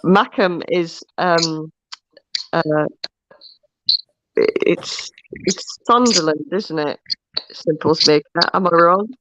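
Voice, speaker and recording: A woman's voice: on the low side, takes it slowly, pauses often, fairly bright tone, slight background noise. A woman co-hosting a live stream in casual chat, laughing, swearing cheerfully and poking fun at herself. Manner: laughing, swearing, self-deprecating. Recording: dull lo-fi stream audio.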